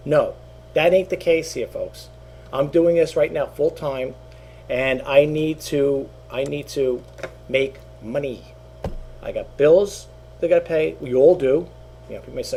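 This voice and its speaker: In a casual talking-head video, a middle-aged online reseller on YouTube rambles and repeats himself with plenty of fillers. His voice is a little high and a little slow, with a dark tone, and there's slight background noise.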